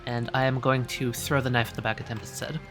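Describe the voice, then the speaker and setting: A woman playing in a tabletop game, talking casually and quickly, laughing and swearing now and then. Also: extremely low pitch, level tone, music in the background. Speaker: player.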